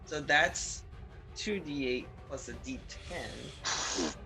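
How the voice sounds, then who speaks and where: A woman's voice: very deep voice, lively intonation, drawn-out words, pushed and bright, soft background music. A woman playing in a tabletop game, thinking aloud over her dice rolls and repeating herself. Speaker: player. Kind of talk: casual tabletop game talk.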